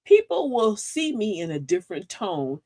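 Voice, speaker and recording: A woman's voice: mid-range voice, big pitch swings, moderate pace, mellow, no room sound. A middle-aged woman hosting a casual livestream talk, folksy and sassy, preaching advice and laughing often. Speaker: livestream host.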